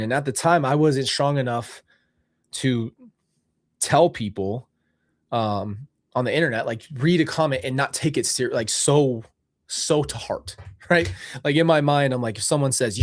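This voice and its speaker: A young man sits indoors and talks about faith in a heartfelt, meandering way, restarting his sentences as he works through his thoughts. His voice sits in an ordinary middle pitch. The sound is dry and close, with no room echo. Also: normal speed. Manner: earnest, rambling, self-correcting. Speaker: podcast host. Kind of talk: reflective faith talk. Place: seated indoors.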